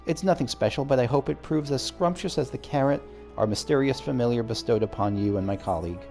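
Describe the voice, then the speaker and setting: A man's voice: medium pitch, quick pace, creaky, darkish tone, faint music behind, lightly acted. A man voicing a courteous male scholar in game dialogue, speaking formally. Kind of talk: reading game dialogue aloud.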